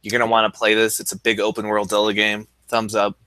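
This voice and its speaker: A man with a fairly low voice and a bright, forceful tone co-hosts a casual podcast. He sounds relaxed and gives quick verdicts. The recording is dry and close. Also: clean tone, dry recording. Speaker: podcast co-host. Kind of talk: casual chat.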